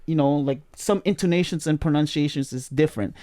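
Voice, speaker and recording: A man's voice: a little high, a little fast, warm tone. A man hosting a podcast, explaining his point casually in a rambling way with many restarts. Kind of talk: casual chat.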